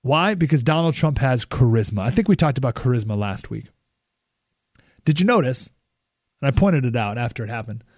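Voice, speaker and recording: An American man hosting a talk radio show, delivering a lively monologue with sudden loud and hushed emphasis. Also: mid-range voice, brisk, no echo, studio quality. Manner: animated, swings between loud and hushed emphasis.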